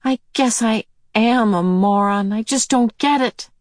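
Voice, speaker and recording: A woman voicing an anxious teenage girl, speaking higher and more emphatically. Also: a little slow, no echo, clean studio sound, natural voice. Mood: fretful.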